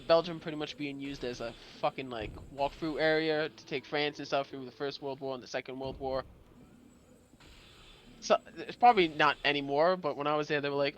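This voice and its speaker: A man's voice: on the high side, steady tone, a little fast, fairly bright tone, slight background noise. An American man telling rambling, profane stories in casual chat on a gaming stream. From United States. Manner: rambling storyteller, loose and profane.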